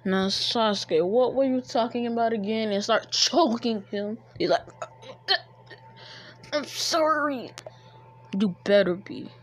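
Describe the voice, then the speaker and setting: A woman's voice: mid-range voice, moderate pace, hardly any pauses. A woman casually telling a made-up fan story, rambling and slangy with many fillers.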